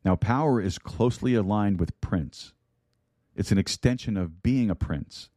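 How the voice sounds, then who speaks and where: A pastor from the United States preaches on an online broadcast with a chat room, his lowish voice unhurried and mellow in clean, echo-free studio sound. He repeats words and throws rhetorical questions at his audience.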